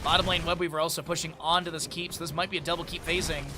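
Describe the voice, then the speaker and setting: A man's voice: a little high, level tone, background noise. A man casting a live esports match, calling the plays and chatting with viewers in chat. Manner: rapid play-by-play calls with chatty asides to chat. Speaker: esports caster. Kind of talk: live esports play-by-play commentary.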